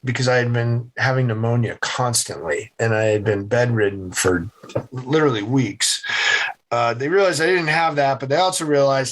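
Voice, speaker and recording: A middle-aged man from central Massachusetts, a podcast guest telling his story with animated, acted-out voices. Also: medium pitch, normal speed. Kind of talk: storytelling interview answers.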